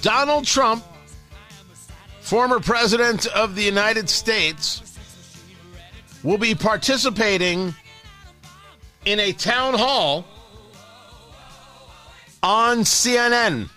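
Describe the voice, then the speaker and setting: A man's voice: sits high, slow pace, pauses often, sharp tone, faint music behind. A man hosting a talk radio show, delivering a brash, sarcastic opinion monologue full of rhetorical questions into a studio microphone.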